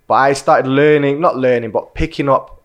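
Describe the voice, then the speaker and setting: A man with a Manchester accent talks at an ordinary mid pitch, chatty and easygoing. He leads the conversation with quick asides and often laughs between points. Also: fairly even intonation, highs cut off. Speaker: interviewer. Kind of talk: casual conversation.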